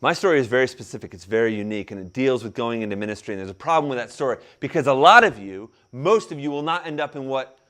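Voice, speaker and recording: A man in his thirties giving a sermon, telling his story with acted-out quotes and a mild stutter he controls with deep breaths. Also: quick pace, hardly any pauses. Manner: animated storytelling, acts out quotes. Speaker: pastor. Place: room with an audience.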